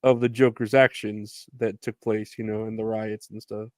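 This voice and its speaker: A man co-hosting a casual podcast chat, laid-back and quick to laugh. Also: on the low side, level tone, no room sound, studio quality. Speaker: podcast co-host.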